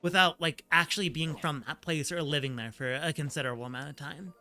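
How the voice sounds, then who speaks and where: Bright-voiced, rambling male streamer. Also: on the high side, fast. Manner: rambling, full of "like" fillers, laughs easily. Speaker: streamer and voice actor. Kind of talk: casual gaming stream chat. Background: faint game music.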